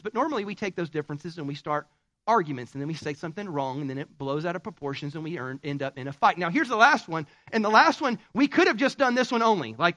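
A male pastor preaching a sermon in an animated way, acting out quoted spouses. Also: sits high, dry recording.

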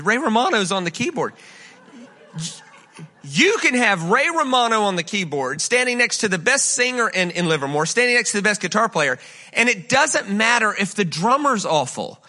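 In a church sanctuary, a guest preacher with a high voice delivers a sermon at a moderate pace. He's energetic and conversational, peppering the congregation with rhetorical questions.

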